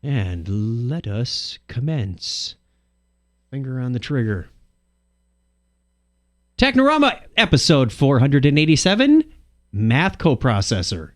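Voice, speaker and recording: Lively, joking male podcast host. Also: medium pitch. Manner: jokey, quick to laugh, fiddles with recording gear. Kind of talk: casual banter.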